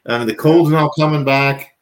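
A man's voice: a little high, fairly even intonation, moderate pace. Rambling, self-mocking man from Virginia. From Virginia, US South. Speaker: podcast guest. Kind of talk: casual interview chat.

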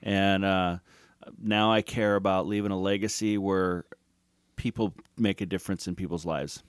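A man's voice: deep voice, fairly even intonation, normal speed, smooth, no room sound, clean studio sound. A man co-hosting a podcast who speaks earnestly and laughs easily in casual chat. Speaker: podcast co-host.

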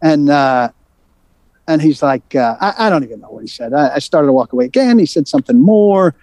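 A male sports reporter recounts a run-in on a sports talk show, his voice sitting a little high yet dark and mellow in tone. He talks fast and animated, stumbling over restarts as he gets worked up. The sound is dry and close, with no room around it. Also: no echo. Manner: animated storytelling, quick and worked up, with many restarts. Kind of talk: casual sports radio talk.

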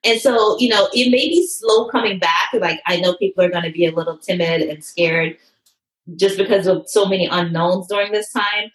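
A woman who owns a fitness studio, telling her story in an interview with emotion and lively quoted voices. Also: mid-range voice, normal speed, reverberant, poor audio. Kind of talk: interview conversation.

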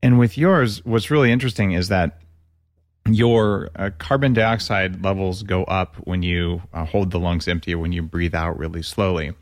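Male host, lowish voice, eager and conversational, dry close-mic sound. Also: normal speed, dry recording. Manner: chatty, enthusiastic. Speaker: podcast host. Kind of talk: podcast interview.

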